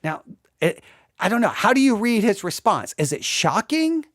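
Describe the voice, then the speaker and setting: A Bible teacher giving an exegetical study, talking in an animated way, acting out quoted lines and often restarting sentences. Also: medium pitch, moderate pace. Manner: animated, acts out quoted speech, frequent restarts.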